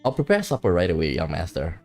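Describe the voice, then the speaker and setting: A man's voice: deep voice, huge pitch swings, fast talker, a little mellow, soft background music, pitched below the performer's own voice, full character voice. A man voicing a devoted, fussy middle-aged male servant who addresses his master formally and dotes on him. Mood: doting.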